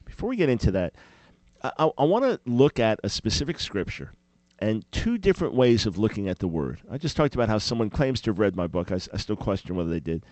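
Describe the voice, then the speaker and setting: A man's voice: on the low side, fast, no echo. A man hosting a Christian talk show, asking questions and joking with playful exaggeration. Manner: animated, mock-chanting with playful exaggeration. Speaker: host.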